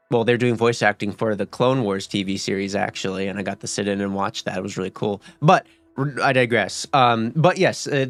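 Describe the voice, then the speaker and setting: A man's voice: on the low side, fairly bright tone, no echo. A young man giving casual, rambling commentary while playing a game, swearing often and restarting his sentences. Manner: rambling and profane, with many fillers and restarts. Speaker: gaming streamer.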